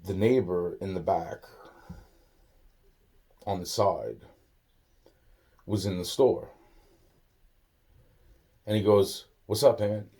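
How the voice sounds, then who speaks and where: Man, low and husky, mellow tone; loose profane storyteller who keeps restarting sentences. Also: drawn-out words, long pauses. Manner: rambling, profane, many restarts. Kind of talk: casual spoken anecdote.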